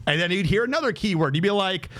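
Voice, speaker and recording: A young man with a notably high-pitched voice tells a story casually while he streams. He is animated and profane, and he acts out each exchange he describes. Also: fast.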